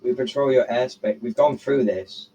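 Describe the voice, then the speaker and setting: A man's voice: medium pitch, moderate pace, mellow, poor audio. A teenage boy telling a rambling, profane story on a casual podcast, tagging his sentences with "right?". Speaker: podcast co-host.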